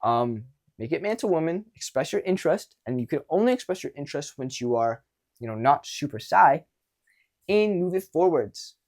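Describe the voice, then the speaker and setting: A young man coaching viewers on dating in a casual monologue, animated and blunt, with casual swearing. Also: a little high, moderate pace.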